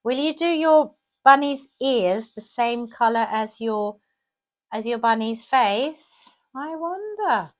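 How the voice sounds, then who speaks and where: A woman leads a children's craft session in a high, bouncy voice that rises and falls a lot. She chats along as she works, asking the kids questions at every step. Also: animated, slow pace. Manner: warm sing-song teacher talk with lots of questions to the kids.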